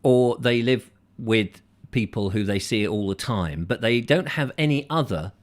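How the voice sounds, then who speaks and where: A man's voice: mid-range voice, unhurried. A middle-aged English man hosting a comic live chat show, rambling and acting out chatty shop exchanges. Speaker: host.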